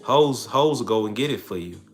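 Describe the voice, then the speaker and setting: A man's voice: medium pitch, lively intonation, normal speed, faint music behind. A young man, hosting a casual livestream and answering comments in a brash, slangy, trash-talking way. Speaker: livestream host.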